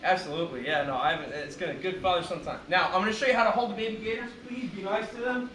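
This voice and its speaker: A man's voice: high-pitched, steady tone, rapid-fire. A man presenting a live alligator show outdoors, explaining and joking with the crowd. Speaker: alligator handler. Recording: far-off, echoey, loud outdoor noise.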